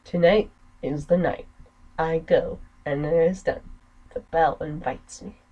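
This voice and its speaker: A woman's voice: low-pitched, fairly even intonation, unhurried, dull audio. A woman reading the part of a bitter, scheming young nobleman in a game, in her own voice with an American accent.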